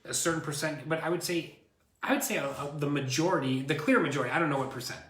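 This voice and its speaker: A man's voice: on the high side, fast talker, roomy sound. A man co-hosting a casual show, rambling through stories as a realtor. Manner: animated, rambling storyteller. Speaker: co-host, realtor. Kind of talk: casual chat.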